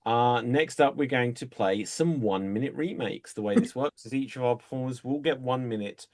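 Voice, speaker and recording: A man hosting an improv comedy show, announcing games and calling time in a relaxed way. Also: medium pitch, normal speed.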